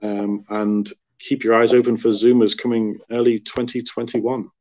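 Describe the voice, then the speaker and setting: A man's voice: medium pitch, little pitch movement, moderate pace, a little mellow. A man, a guest author, chatting casually in an interview, rambling and leaning on filler phrases, heard over a phone on a video call. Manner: rambling, leans on "you know". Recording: dull lo-fi phone audio.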